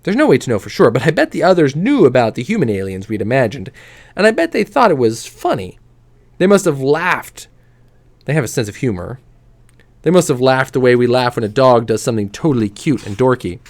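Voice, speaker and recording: Animated man reading a novel aloud. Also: brisk. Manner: expressive, lively voices for quoted lines; drops to a soft, low voice on quiet lines. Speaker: reader.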